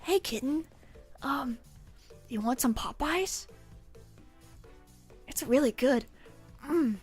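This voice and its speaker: A woman's voice: takes it slowly, soft background music, heavily acted. A woman doing a coaxing uwu anime boy. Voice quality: breathy, high uwu voice.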